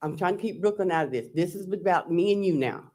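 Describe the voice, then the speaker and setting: A man's voice: sits high, animated, fast talker, dark tone. A man testifying as a trial witness, recounting text messages and quoting what was said. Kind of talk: courtroom testimony.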